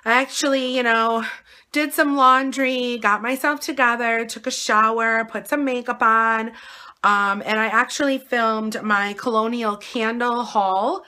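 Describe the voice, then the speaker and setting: Woman, Upper Midwest American accent, hoarse and breathless, bright tone, rambling casual vlog chat. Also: on the high side, fairly even intonation, measured pace. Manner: rambling, chatty, many fillers. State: hoarse, coughing, short of breath. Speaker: vlogger. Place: at home indoors.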